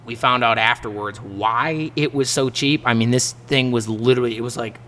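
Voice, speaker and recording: A man's voice: medium pitch, normal speed. A man, a musician guest on a podcast, telling stories casually and acting out the people in them. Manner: animated, laughs often, acts out the people in his stories. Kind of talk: casual storytelling in a podcast interview.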